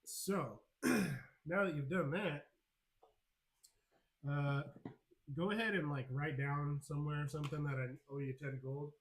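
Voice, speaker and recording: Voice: mid-range voice, steady tone, measured pace, pauses often. A game master narrating a tabletop game, laughing often and swearing casually. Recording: loud background music.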